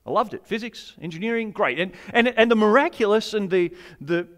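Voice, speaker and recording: Male preacher, high voice, jokey and conversational, throws questions at the congregation. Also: lively intonation, brisk. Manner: humorous, conversational, asks the audience questions. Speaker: pastor. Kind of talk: sermon.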